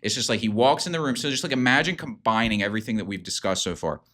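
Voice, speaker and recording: A man's voice: fairly low pitch, quick pace, bright, forceful tone. A man hosting a self-improvement video, talking in a casual, rambling and emphatic way, full of fillers and swearing. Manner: rambling, filler-heavy, profane; emphatic, hyping. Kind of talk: casual unscripted monologue.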